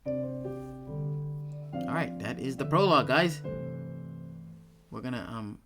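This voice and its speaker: Animated man playing a game aloud. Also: medium pitch, slow, over music. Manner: playful, self-mocking, animated. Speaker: gaming streamer. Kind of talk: let's play commentary, reading game dialogue aloud.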